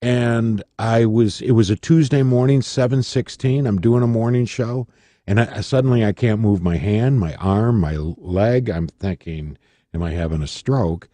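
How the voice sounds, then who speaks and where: A man's voice: mid-range voice, a little slow, dark tone, no echo. A middle-aged man from Michigan, a radio personality speaking as a guest in a studio interview, telling his story dramatically and acting out the voices he quotes.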